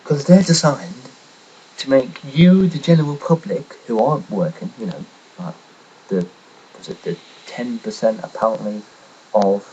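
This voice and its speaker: A man's voice: medium pitch, lively intonation, unhurried, dark tone, highs cut off, a little hiss or hum. A young man from England, telling a story in a blunt, sarcastic, swearing rant. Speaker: vlogger telling a personal story. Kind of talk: casual ranting monologue.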